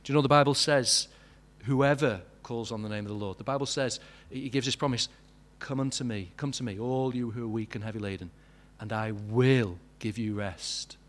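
Guy preaching, chatty, keeps firing questions, mid pitch. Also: fairly even intonation, normal speed, few pauses. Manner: conversational, asks many questions, builds to emphatic peaks. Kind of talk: sermon.

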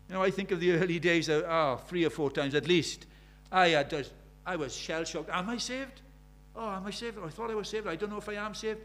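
Older male preacher, high-pitched, earnest sermon delivery with soft asides and fervent peaks. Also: brisk, few pauses. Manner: earnest, swinging between soft and emphatic, acts out quoted prayers.

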